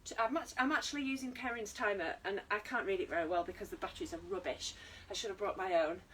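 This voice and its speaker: A woman's voice: medium pitch, fast, a bit bright, recorded from a distance, slight background noise. A British woman teaching an online exercise class, chatty and encouraging, joking at her own expense. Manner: chatty, encouraging, self-deprecating. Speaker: fitness instructor.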